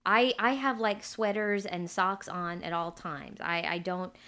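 Female podcast co-host, relaxed and agreeable, casual banter. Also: on the low side, unhurried. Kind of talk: casual chat.

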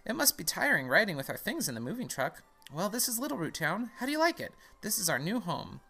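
A man doing a sweet, doting, high-pitched game mom. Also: big pitch swings, fast talker, creaky, pushed and bright, soft background music, exaggerated voice. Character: sweet, fussing young mother in a game.

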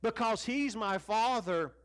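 A middle-aged man preaching a televised sermon, fervent, swinging from raised exclamations down to hushed, quiet lines. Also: unhurried. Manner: fervent preaching with wide swings in pitch and loudness, dropping to near-hushed lines. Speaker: pastor.

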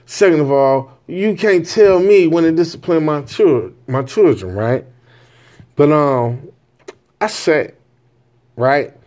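Bluntly recounting how he raised his children, a man in his forties shares his parenting opinions in a casual monologue to camera, full of profanity and repeated "right?" check-ins. He speaks slowly with frequent pauses, in a slightly high, expressive voice with a darkish tone.

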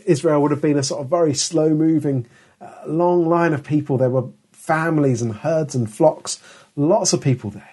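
A man's voice: fairly high pitch, normal speed, dark tone, breathy edge. A middle-aged man preaching a sermon in an earnest, emphatic way, often restarting his words.

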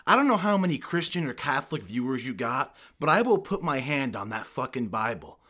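A man's voice: medium pitch, big pitch swings, a little fast, bright, forceful tone. A young man from the United States, a guest on a podcast, telling stories in a brash, boisterous way full of swearing. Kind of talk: casual podcast storytelling.

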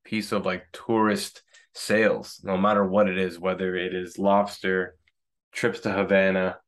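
A man co-hosting a podcast, telling a travel story in relaxed casual chat, rambling with many fillers. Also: deep voice, unhurried. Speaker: podcast co-host.

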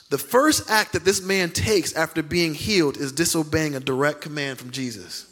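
A man's voice: on the high side, measured pace, fairly bright tone. A male pastor preaching a sermon emphatically, repeating key lines and acting out quoted voices.

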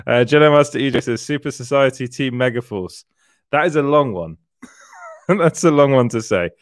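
A man's voice: mid-range voice, moderate pace, no room sound. Male stream co-host, laughs a lot, reads the chat, dry close sound. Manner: laughs often, reads out comments. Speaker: podcast co-host reading chat. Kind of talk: casual live-stream chat.

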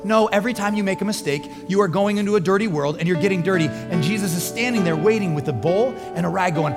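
A man preaching with a high, quick voice, talking to his listeners in a close and conversational way. His words ring out in a big church hall with a long echo, and music plays under him. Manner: earnest, conversational preaching with rising emphasis. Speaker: pastor. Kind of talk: sermon.

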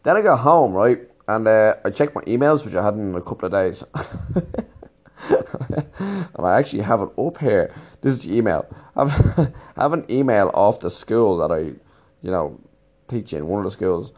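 A man's voice: fairly low pitch, expressive, moderate pace, a little mellow. A man telling a rambling, casual anecdote, swearing freely as he goes. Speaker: teacher and storyteller.

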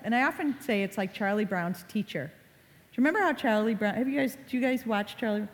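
A woman's voice: fairly high pitch, brisk. Chatty woman speaking in a hall. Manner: chatty storyteller, acts out quotes. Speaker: speaker on online reputation. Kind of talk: talk to a live audience. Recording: reverberant hall.

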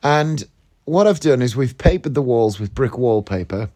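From his bed at home, a podcast host from northeast England talks at normal speed in a mid-range, animated, warm voice with a slight accent from the region. He sounds groggy and freshly woken, and his casual morning show is rambling, chatty and self-mocking.

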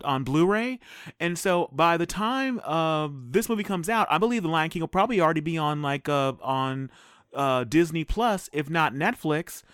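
A fairly high-voiced man chats casually about a film trailer and keeps cutting in with quick asides. His voice sits close and dry, with no room sound around it. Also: clear, resonant tone, dry recording. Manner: animated, interrupts with quick asides. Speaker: podcast co-host. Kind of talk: casual movie trailer review chat.

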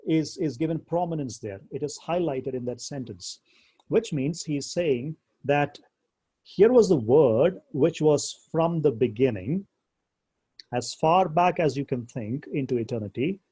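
A man's voice: a little high, warm tone, husky. Emphatic man teaching a theology class. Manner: deliberate, emphatic, slows down when quoting scripture. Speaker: Bible teacher.

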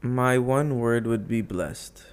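A man's voice: mid-range voice, slow pace, smooth. A young man co-hosting a casual chat, rambling with lots of fillers and joking about himself. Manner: rambling, filler-heavy, self-deprecating. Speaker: podcast co-host, newlywed husband.

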